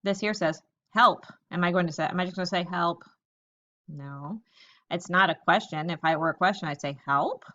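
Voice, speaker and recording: A woman teacher giving a recorded lesson to young children, reading example sentences slowly and thinking aloud about each one. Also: lowish voice, steady tone, a bit bright, dull audio.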